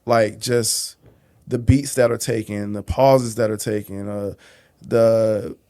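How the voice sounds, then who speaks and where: A man co-hosting a podcast, reviewing a TV show in casual, profane chat with many restarts. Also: lowish voice. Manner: animated, profane, halting restarts. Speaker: podcast co-host.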